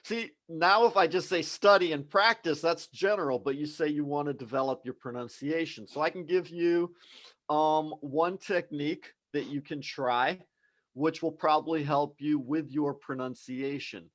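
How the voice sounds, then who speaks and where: A man's voice: a little high, normal speed, a bit bright, rough recording. A man hosting a live online English class, explaining things in an encouraging, conversational way.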